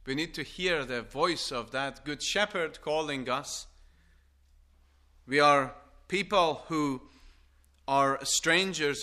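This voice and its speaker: An older man preaching a sermon, earnest and halting at times, rising into forceful appeals with repeated questions. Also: fairly high pitch. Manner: halting restarts and stammers.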